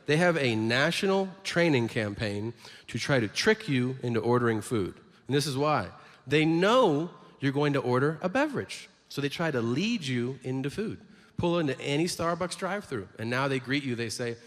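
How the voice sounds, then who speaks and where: A man's voice: mid-range voice, lively intonation, moderate pace, a bit bright. A man doing a stand-up routine, crude and mocking, acting out exchanges with a rising voice. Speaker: stand-up comedian. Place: comedy stage before a laughing audience. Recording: live hall reverb with crowd noise.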